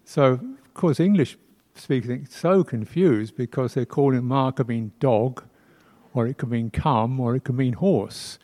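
A man with a mellow, warm voice teaches as a Buddhist teacher in a temple hall. He speaks in a reflective, unhurried way, pausing often and laughing softly. He now and then imitates speech sounds playfully. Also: mid-range voice. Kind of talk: dharma talk.

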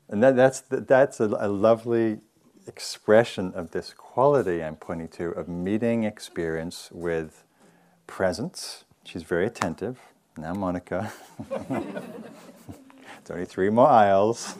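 Gravelly low-voiced man giving a dharma talk. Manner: relaxed and chatty, often says "you know" and laughs softly. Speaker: meditation teacher.

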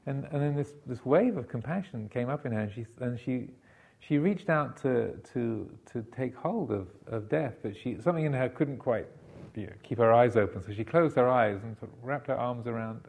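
A Buddhist monk teacher tells a story during a dharma talk, his delivery halting and full of ums, fillers, and restarts. His mellow, slightly gravelly voice sits at an ordinary male pitch.

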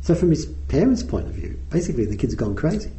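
A man's voice: medium pitch, sing-song, fast talker, creaky, mellow, slight background noise. A male meditation teacher giving a conversational dharma talk with frequent ums, in a meditation hall. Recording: roomy hall echo.

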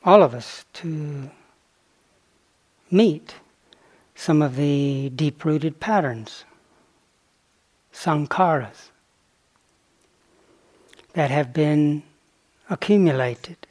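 Slow, reflective male meditation teacher. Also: fairly high pitch. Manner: slow, reflective, with pauses and playful asides. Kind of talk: dharma talk on retreat.

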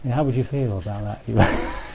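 A man's voice: on the low side, normal speed, gravelly, darkish tone, a little hiss or hum. A man teaching as a Buddhist teacher in a conversational dharma talk, thinking aloud with restarts and frequent asides to his listeners.

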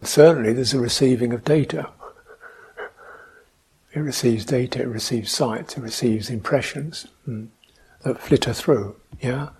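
A man giving a reflective meditation talk, speaking slowly, asking questions and adding soft hums between points. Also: medium pitch, slightly rough. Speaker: meditation teacher. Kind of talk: dharma talk.

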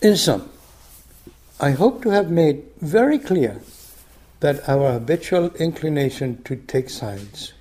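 An older meditation teacher gives a dharma talk in a mellow, fairly high voice. His pitch rises and falls a lot as he reads. He speaks slowly, and many phrases fade to a soft whisper. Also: sing-song. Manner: soft, unhurried, phrase ends dropping to a whisper. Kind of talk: dharma talk, reading a story aloud.

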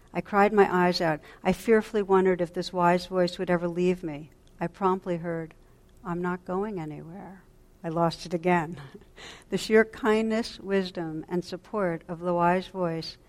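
Woman meditation teacher, lowish voice, gentle reflective dharma talk, soft hushed drops, halting restarts. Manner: pauses and restarts mid-sentence.

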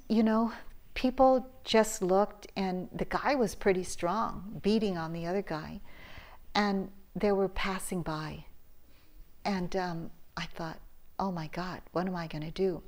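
Slow-speaking woman meditation teacher. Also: mid-range voice, a little mellow. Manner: storytelling, conversational with frequent laughs and restarts. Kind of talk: dharma talk. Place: meditation retreat hall.

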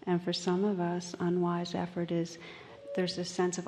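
Gentle woman meditation teacher, low and mellow. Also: completely flat delivery, big-room sound, slight background noise. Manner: slow, gentle, soft-spoken. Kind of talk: dharma talk. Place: meditation hall.

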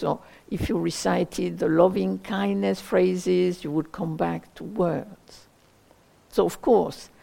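Slow, gravelly woman meditation teacher. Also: on the low side, mellow. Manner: slow, searching, with many pauses and hedges. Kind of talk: dharma talk.

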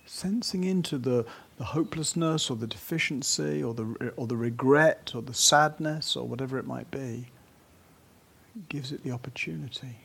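A man giving a gentle, unhurried meditation talk at a retreat, now and then dropping to a soft whisper. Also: mid-range voice, gravelly, slight background noise. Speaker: meditation teacher.

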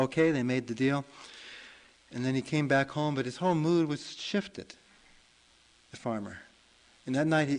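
Man, meditation teacher, storytelling talk, relaxed, chatty, mid-pitched voice. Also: low-quality recording. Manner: relaxed, chatty, many fillers and self-corrections.

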